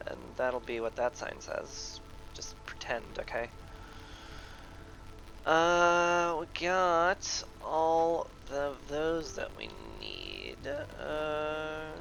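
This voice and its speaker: A man's voice: fairly high pitch, creaky, fairly bright tone. A man casually talking through a video game as he plays, musing aloud with playful asides.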